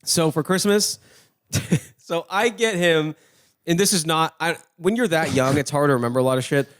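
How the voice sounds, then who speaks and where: A man's voice: fairly high pitch, moderate pace, a bit bright, smooth. A young man co-hosting a podcast, telling a story in casual chat, swearing often and laughing as he goes. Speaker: podcast co-host.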